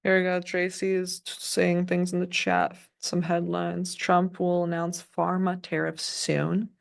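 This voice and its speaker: Young woman chatting on a trading livestream, kinda gravelly, lots of um and like. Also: lowish voice, completely flat delivery, a little slow. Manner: loose, rambling, many fillers and restarts. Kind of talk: casual livestream chat.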